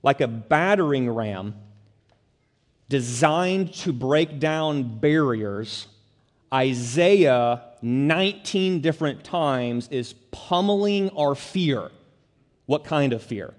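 A man's voice: mid-range voice, animated, slow pace. Earnest preaching man in a reverberant hall. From central Illinois, US. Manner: earnest, building to urgent emphasis. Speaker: pastor. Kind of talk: sermon.

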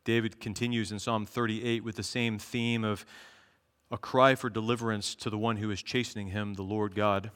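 A man preaching a sermon as pastor, earnestly reading scripture aloud and slowing down for each verse. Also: on the low side, little pitch movement, a bit bright, clean tone. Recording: long echo of a large hall.

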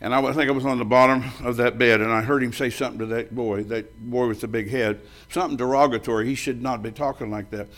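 A man's voice: medium pitch, fairly even intonation, quick pace, hardly any pauses, fairly bright tone. A man in his seventies preaching a sermon, telling a personal story in a folksy, emphatic way and laughing often as he talks.

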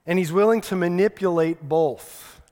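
High-voiced male pastor in a reverberant hall. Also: moderate pace, darkish tone. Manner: conversational, repeats key lines for emphasis. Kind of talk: sermon.

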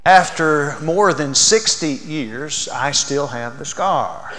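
An older man preaching a sermon in a church, earnest, moving from soft and slow passages to loud, fervent ones. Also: fairly high pitch, expressive. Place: church sanctuary. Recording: long reverb of a large hall.

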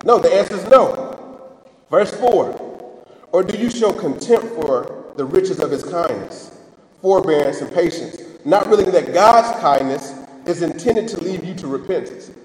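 A man with a high voice preaches a sermon in a loose, conversational way, checking in with "right?" and restarting his sentences. He sounds as if he is in a church hall, with a long, roomy echo around his voice. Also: animated, moderate pace.

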